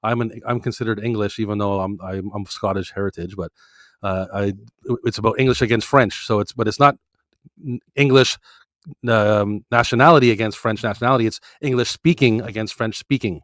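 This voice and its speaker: Man, fast talker, rambling, blunt, casual swearing, dry close sound. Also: lowish voice, fairly bright tone, no room sound. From Montreal, Canada. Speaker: guest. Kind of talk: casual interview chat.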